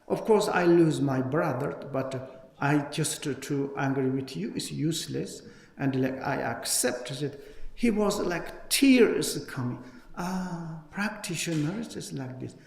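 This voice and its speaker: A man with a Tibetan accent giving a Buddhist teaching in halting English, telling stories with animated acted-out voices. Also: a little high, vocal fry. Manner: halting non-native English, animated storytelling. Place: large teaching hall at a retreat. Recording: echoey hall, long reverb.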